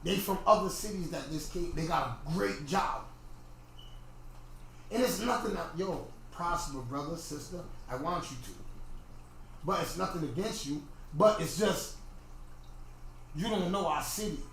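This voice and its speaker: A middle-aged man with a fairly high voice rants animatedly in a casual livestream monologue, stumbling and repeating words. The sound is very echoey, with faint noise behind him. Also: unhurried, pauses often. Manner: animated ranting, repeats himself. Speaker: podcast host.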